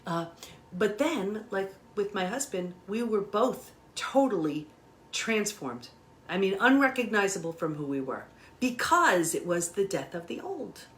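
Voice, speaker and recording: A woman's voice: medium pitch, big pitch swings, a little slow, a bit bright. A middle-aged woman speaking as an interview guest, explaining emphatically and animatedly while gesturing as she talks. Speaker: guest expert on betrayal recovery.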